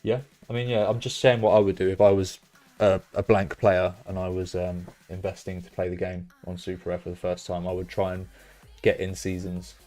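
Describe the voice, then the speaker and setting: Excitable British streamer, low voice. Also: male voice, a little fast, faint music behind. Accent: British English. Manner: excitable, loud bursts of cheering and swearing. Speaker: streamer hosting a fantasy football stream. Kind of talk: casual live-stream chat, reading out chat messages.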